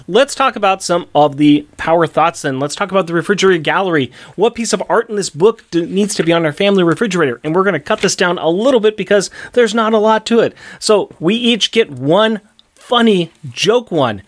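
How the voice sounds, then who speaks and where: A man hosting a casual podcast chat about comics, upbeat and quick to laugh. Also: high-pitched, lively intonation. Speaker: podcast host.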